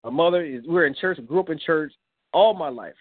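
A young male comic book creator, appearing as a guest, earnestly tells a personal story in an interview, acting out remembered dialogue with rising pitch. His husky voice is fairly quick, heard over dry phone-line call-in audio.

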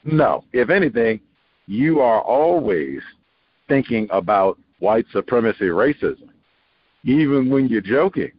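A man's voice: medium pitch, sing-song, unhurried, breathy edge. A man hosting a radio talk show, musing in a rambling way and breaking into quoted voices with small laughs. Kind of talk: conversational call-in radio commentary. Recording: muffled radio broadcast with faint noise.

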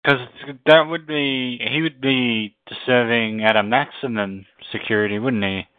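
A man on a community call, asking questions in a hesitant, halting way, often repeating words as he searches for them. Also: mid-range voice, no echo. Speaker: caller. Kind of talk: casual chat. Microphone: phone or call line. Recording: tinny phone line, dry.

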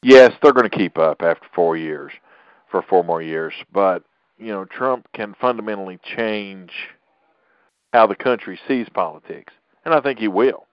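A man's voice: fairly low pitch, moderate pace, smooth, no room sound, lo-fi sound. A middle-aged man hosting a political podcast, talking in an opinionated, rambling way with frequent restarts. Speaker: podcast host.

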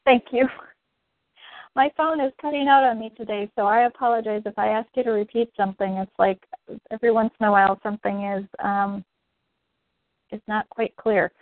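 A woman's voice: mid-range voice, fairly even intonation, moderate pace. A woman facilitating a weekly group call, opening it and guiding others through their turns. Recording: tinny phone line.

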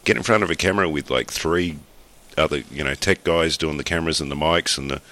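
An Australian man with a remarkably deep voice co-hosts a podcast. He talks in a rambling, matter-of-fact way, telling stories from his week. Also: fast, pushed and bright. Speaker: podcast co-host. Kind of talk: casual chat.

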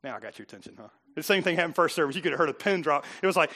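A man's voice: a little high, expressive, racing, few pauses, bright, forceful tone. A middle-aged male pastor preaching a sermon to a congregation in a chatty, joking way, often putting questions to the listeners. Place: church before a congregation.

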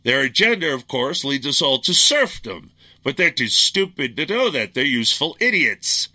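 A man's voice: medium pitch, very animated, normal speed, pushed and bright. A middle-aged man hosting a political talk radio show, ranting in a blunt, angry, combative monologue.

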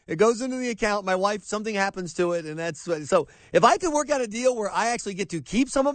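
Excitable high-voiced male radio host. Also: fast, hardly any pauses, dry recording. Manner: excitable, exasperated, stammering restarts. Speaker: radio talk show host. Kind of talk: talk radio monologue.

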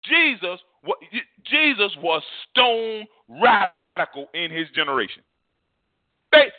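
A man's voice: sits high, no room sound. A male preacher delivering a fervent sermon, repeating phrases for emphasis. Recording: tinny phone-like dry sound.

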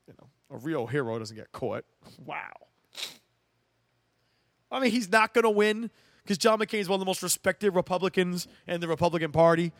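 A man's voice: a little high, fairly bright tone, no echo, clean studio sound. A young man hosting a casual solo sports show, ranting emphatically and laughing often.

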